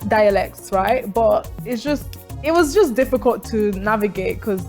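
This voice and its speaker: A woman's voice: medium pitch, lively intonation, a little slow, darkish tone, faint music behind. A woman in her twenties with a British accent, a guest chatting on a radio show, bubbly, laughing often and saying "like" a lot. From Nigeria, raised in Britain. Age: 20s. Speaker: guest, actress and tech founder. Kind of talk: casual radio chat.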